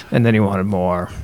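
A man's voice: fairly low pitch, dark tone. A man, a priest who is a guest on a podcast, telling candid, jokey stories in casual chat.

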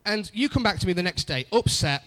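A man's voice: sits high, lively intonation, brisk, pushed and bright. Young guy pastor giving a sermon, talky, doubles up his words, voice goes all over the place. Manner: conversational, repeats phrases for emphasis.

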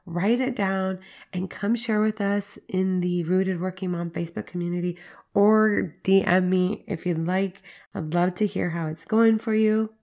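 A woman's voice: medium pitch, gravelly, darkish tone. A woman in her thirties hosting a podcast, teaching parenting tips in a casual, conversational way with filler words. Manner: conversational, uses "like" and "right?" as fillers. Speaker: podcast host.

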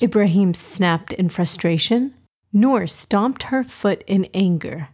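Woman reading a kids' story aloud, soft breathy voice, gentle and expressive. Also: mid-range voice, slow. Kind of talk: storybook narration for children.

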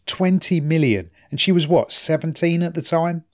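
A man's voice: fairly high pitch, flat delivery, a little fast. Chatty man explaining. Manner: chatty, explaining, asks for agreement. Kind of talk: casual chat.

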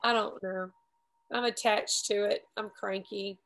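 A woman's voice: medium pitch, steady tone, fairly bright tone, poor audio. A middle-aged woman, rambling through a story in casual group chat and poking fun at herself. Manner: chatty, rambling, quick to laugh at herself. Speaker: paramotor pilot telling a story.

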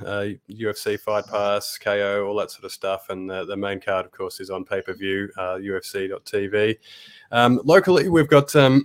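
A man hosting a casual fight-news podcast, talking in halting bursts with many restarts. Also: mid-range voice. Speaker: podcast host.

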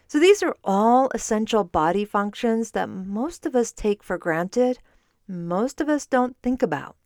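A woman's voice: on the high side, expressive, a little slow, darkish tone, no room sound, studio quality. A woman hosting a podcast as a fitness and nutrition coach, explaining in a conversational way and correcting herself as she goes. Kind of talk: solo podcast talk. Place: standing while recording.

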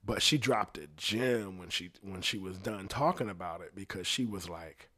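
Profane, animated man telling a story. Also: deep voice, moderate pace. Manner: animated, profane, puts on voices for quoted people. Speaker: singer recounting a story. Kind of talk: casual storytelling monologue.

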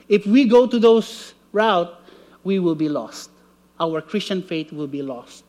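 High-voiced man preaching an animated sermon. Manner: animated storytelling, acting out voices.

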